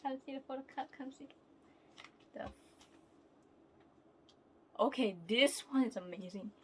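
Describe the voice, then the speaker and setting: A young woman vlogging casually while unboxing albums, excitable and prone to laughing squeals. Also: sits high, a little slow, slight background noise.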